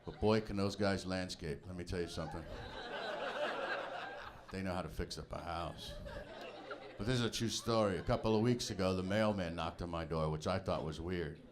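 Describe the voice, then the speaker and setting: A man's voice: low-pitched, normal speed. A man doing a stand-up comedy set on a club stage, telling stories with punchy asides to the audience. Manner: conversational storytelling, punchy asides to the crowd. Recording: live club recording with crowd laughter.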